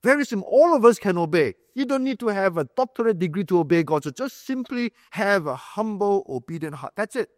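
High-voiced emphatic male preacher. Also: animated, a little fast, few pauses, no room sound, clean studio sound, in a large hall. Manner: emphatic, repeating key phrases; explains like a teacher, asks the room questions. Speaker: pastor. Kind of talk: sermon.

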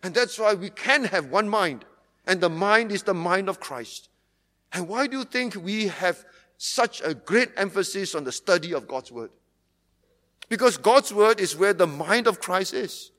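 A man preaching from the pulpit, his voice pitched high for a man. He drives his points home through earnest repetition. The words ring out with a long reverb through a church hall. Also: animated, measured pace, fairly bright tone. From Singapore. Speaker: pastor. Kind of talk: sermon.

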